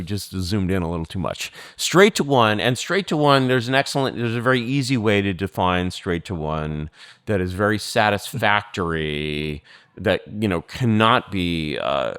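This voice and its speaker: A man's voice: sits low, fairly bright tone, clean tone, no echo, studio quality. A man giving a rambling, digressive interview answer, full of fillers and restarts. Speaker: guest. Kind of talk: political interview.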